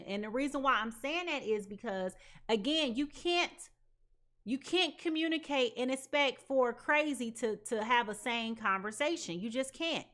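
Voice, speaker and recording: A woman's voice: fairly high pitch, sharp tone. A woman giving a live tarot reading, talking in an emphatic, repetitive way with casual slang. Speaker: tarot reader.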